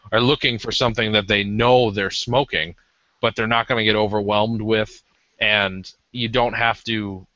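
A man's voice: lowish voice, sharp tone, dry recording. A man co-hosting a podcast, reviewing a cigar in a rambling, casual way with many ums. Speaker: podcast co-host. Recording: dull lo-fi audio.

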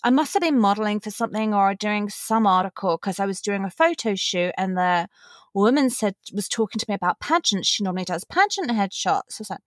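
A woman's voice: medium pitch, animated, brisk, no echo, clean studio sound. A woman guest on a podcast, talking earnestly and at length, laughing between thoughts. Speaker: podcast guest, pageant contestant. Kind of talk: casual podcast interview.

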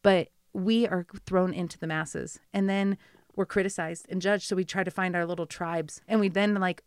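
Chatty woman in her 30s, middle pitch, super dry close sound, lots of asides. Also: normal speed, clean tone, no echo. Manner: chatty, animated storytelling with many asides. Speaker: guest. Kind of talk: casual conversation.

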